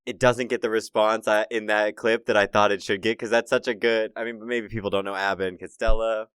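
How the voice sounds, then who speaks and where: A man's voice: fairly low pitch, little pitch movement, fairly quick, a bit bright, smooth, dry recording, clean studio sound. A man co-hosting a casual podcast, easygoing and chatty. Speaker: podcast co-host.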